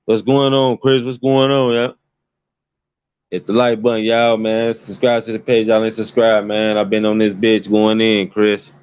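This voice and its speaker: Casting: man, lowish voice, profane emphatic vlog commentary, dry lo-fi mic. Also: level tone, unhurried, a little mellow, clear, resonant tone, no room sound. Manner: emphatic, repetitive, swears constantly. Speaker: commentary vlogger. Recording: dull lo-fi dry recording.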